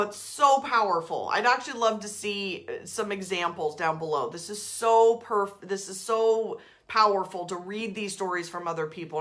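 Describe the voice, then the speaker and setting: A woman in her forties, a coach leading a live book club talk in an energetic, casual way, swearing and trailing off mid-sentence. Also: mid-range voice. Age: 40s. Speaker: life coach.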